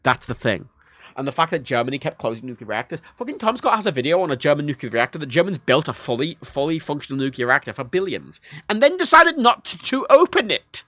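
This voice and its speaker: Bright, lively young man ranting. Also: mid-range voice, fast talker, no room sound. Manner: profane, ranting, opinionated. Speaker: livestreamer. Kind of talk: casual gameplay stream commentary.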